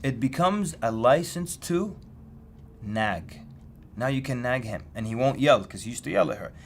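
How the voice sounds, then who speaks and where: A man's voice: mid-range voice, animated, normal speed, gravelly, a little hiss or hum. A man giving a recorded lecture, telling stories in a conversational way and often repeating and restarting his words. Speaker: Islamic course lecturer.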